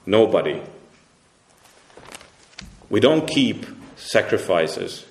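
A low-voiced male pastor delivering a sermon, emphatic and full of repeated restarts. His voice climbs when he drives a point home and sinks low for solemn moments, all carried in the roomy echo of a church. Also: very animated, very slow.

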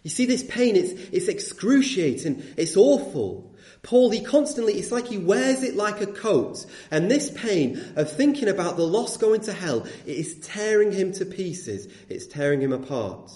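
A man's voice: sits high, big pitch swings, measured pace, darkish tone. A man preaching a sermon, earnest and emphatic, asking the congregation rhetorical questions. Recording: echoey room.

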